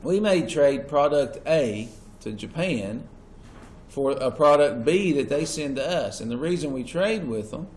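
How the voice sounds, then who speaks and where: A man's voice: fairly high pitch, lively intonation, a little slow, a little mellow. Man teaching in an echoey classroom. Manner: questions the class, stresses key words. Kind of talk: classroom lecture. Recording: echoey classroom with faint noise.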